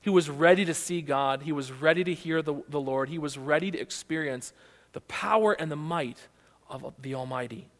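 A male pastor preaching a sermon, retelling the text with animated storytelling and rhetorical questions, in a long-reverb hall. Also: a little high, moderate pace.

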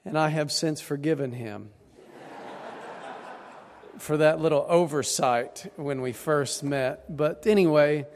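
A man's voice: fairly high pitch, takes it slowly, long pauses. A man with an East Tennessee twang, a guest church leader speaking to a congregation in a tired, folksy, joking way. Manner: folksy, self-deprecating humor. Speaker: district superintendent, guest preacher. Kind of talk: sermon introduction. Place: church sanctuary. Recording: long church hall reverb.

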